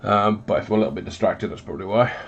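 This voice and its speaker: A man's voice: on the low side, rapid-fire, slightly rough, muffled recording. A man hosting a casual painting livestream, stuffed up and recovering from illness, rambling with lots of ums and self-deprecating asides. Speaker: hobby livestream host. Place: hot home hobby room, windows closed.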